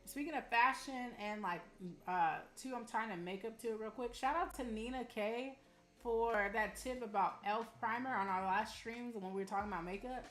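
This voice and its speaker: A young woman from Arizona chatting casually with her live-stream audience, telling animated stories and calling them y'all. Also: a little high, moderate pace. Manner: chatty, animated storytelling, addresses chat as y'all. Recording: roomy room with faint music.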